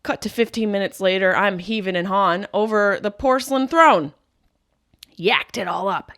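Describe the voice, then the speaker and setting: A woman hosts her podcast with a comic monologue full of mock outrage and swearing. Her pitch leaps around wildly as she acts out her grievances. The sound is close and dry, with no room in it. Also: normal speed, dry recording. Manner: animated, profane, riffing with mock rants. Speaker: podcast host. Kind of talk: comedic monologue.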